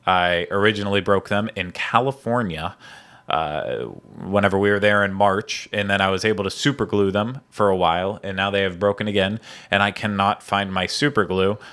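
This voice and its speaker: A man's voice: lowish voice, steady tone, normal speed, fairly bright tone, clear, resonant tone. A man hosting a podcast in casual chat, rambling with lots of fillers. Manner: rambling, chatty, many fillers. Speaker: podcast host.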